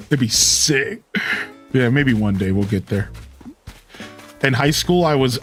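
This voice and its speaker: Young male streamer chatting on his mic, chill and animated, voice jumps up and down, soft guitar in the background. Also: mid-range voice. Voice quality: dynamic voice that peaks and drops. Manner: laid-back, animated, lots of "like" and "dude". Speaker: live streamer. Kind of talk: casual stream chat. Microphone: studio mic with equalizer and cutoff.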